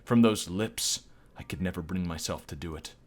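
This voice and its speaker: A man's voice: deep voice, moderate pace, pitched below the performer's own voice. A man reading the lines of a lovestruck, shy young schoolgirl narrator aloud in his own plain voice. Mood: wistful.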